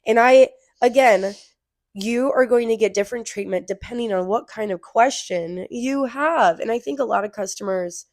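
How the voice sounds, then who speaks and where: A woman co-hosts a casual podcast, telling exasperated stories about customers from her job as a grocery crew member. Her voice is a little high with a darkish tone, at a moderate pace. The recording is dry and studio quality.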